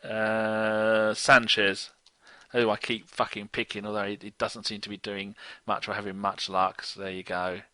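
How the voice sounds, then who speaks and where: Chatty bright-toned man on podcast. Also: lowish voice, little pitch movement, normal speed, clean tone, dry recording. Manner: chatty, laughs easily, teasing. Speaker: podcast co-host. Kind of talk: casual sports podcast banter.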